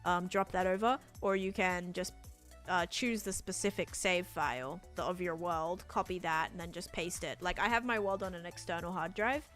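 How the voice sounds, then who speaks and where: A woman's voice: fairly low pitch, normal speed, a bit bright, faint music behind. An Australian woman chatting on a live game stream, thinking aloud as she builds and answers her chat.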